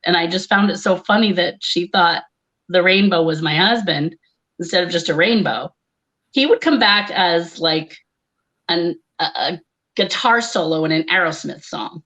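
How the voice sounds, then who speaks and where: A woman's voice: lowish voice, normal speed, a bit bright. A woman telling a personal story in a wry, conversational way, laughing often. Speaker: conference speaker, comedian. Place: live online conference.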